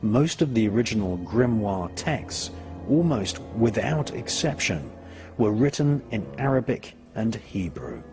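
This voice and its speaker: A man narrates a documentary in a lowish voice that rises and falls expressively. He speaks slowly and deliberately, letting each phrase drop at its end. Music plays clearly beneath the voice-over. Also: sing-song.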